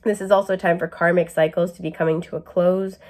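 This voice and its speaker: Young female tarot reader, casual and rambling, slightly low voice, occasional cough. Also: flat delivery, fast talker, darkish tone. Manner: chatty, many fillers, asides to camera. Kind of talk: casual astrology reading.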